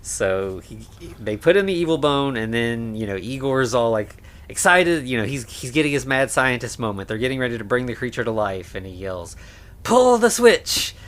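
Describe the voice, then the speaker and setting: A man's voice: medium pitch, brisk, hardly any pauses, a bit bright. Man, podcast co-host, casual movie recap, laid-back, lots of fillers. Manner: laid-back, many fillers, acts out lines.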